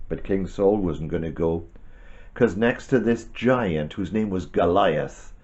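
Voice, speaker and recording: Low-voiced man telling a bedtime story. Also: takes it slowly, lo-fi sound. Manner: gentle, animated, chatty asides. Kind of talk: bedtime Bible story for a child.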